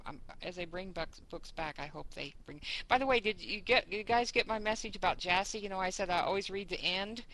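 A woman's voice: fairly low pitch, a bit bright, poor audio. A woman in a casual group chat, talking in a chatty, rambling way with fillers as she reminisces. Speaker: book discussion group member.

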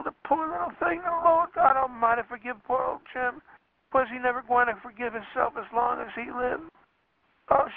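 A man's voice: high-pitched, vocal fry, husky, no echo, exaggerated voice. Man putting on a grieving Southern father, drawling, anguished, tinny phone-like sound, dry. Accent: Southern US rural dialect. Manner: drawling, emotional storytelling, rising to anguished cries. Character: remorseful grieving father, rural and plainspoken.

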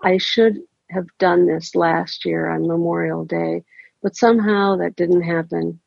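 Gravelly, slow woman storyteller. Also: lowish voice, fairly even intonation, a little mellow, dry recording. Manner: measured, deliberate reading. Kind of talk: first-person story reading. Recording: dry, dull lo-fi recording.

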